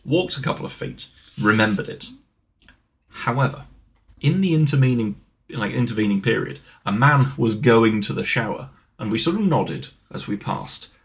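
A British man co-hosting a relaxed podcast, spinning anxious, self-mocking anecdotes peppered with swearing. His voice is animated, leaping high and dropping low as he tells a story. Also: moderate pace. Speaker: podcast co-host. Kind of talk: casual chat.

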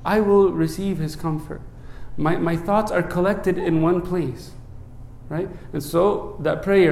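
High-voiced priest in an echoey room. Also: male voice, a little slow, gravelly, a little hiss or hum. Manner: earnest, asks many rhetorical "right?" checks; drops low and soft when reciting the prayer. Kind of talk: sermon.

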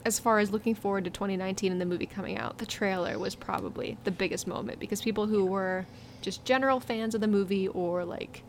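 A woman's voice: mid-range voice, steady tone, fast talker. Young woman host, upbeat and laughing, faint hiss behind. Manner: upbeat, laughing, leads segments. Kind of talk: casual chat.

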